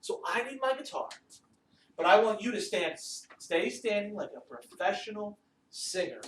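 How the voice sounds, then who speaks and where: A man's voice: sits high, sing-song, moderate pace, fairly bright tone. Man, music teacher, children's lesson, sing-song directions, echoey room, faint hiss. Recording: roomy echo, distant mic, faint noise.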